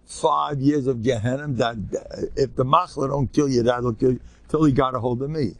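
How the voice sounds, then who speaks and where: Speaking at a moderate pace with a medium-pitched voice, this older rabbi entertains a live crowd with animated, humorous stories. He acts out those he quotes and weaves in Hebrew and Yiddish expressions, and the recording has no echo.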